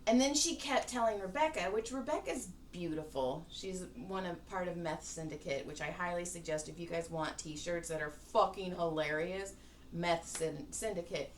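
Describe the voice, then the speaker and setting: A woman's voice: on the low side, moderate pace. Profane rambling woman host, roomy distant sound. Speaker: podcast host. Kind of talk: casual chat. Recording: roomy, distant mic, faint hiss.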